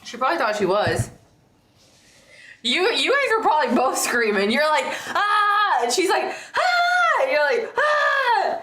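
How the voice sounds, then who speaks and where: A giggly woman streamer chats casually on a livestream, teasing and breaking into laughter often. Her voice sits a little high. The sound has a roomy echo around it. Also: sing-song, normal speed, pauses often, a bit bright. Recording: echoey room.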